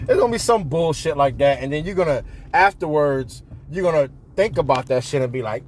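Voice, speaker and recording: A man's voice: fairly high pitch, very animated, a little fast, darkish tone, a little hiss or hum. A man vlogging in a casual, profane monologue with a blunt, joking manner. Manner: joking, blunt, swears a lot, slips into impressions. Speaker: vlogger giving workplace advice.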